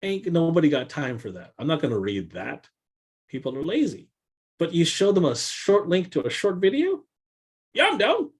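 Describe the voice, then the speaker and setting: A man co-hosting a casual business chat, telling stories with animated swings in pitch and often repeating words as he thinks. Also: moderate pace, slightly rough. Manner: animated storyteller, jumps in pitch for quoted voices. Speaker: podcast co-host.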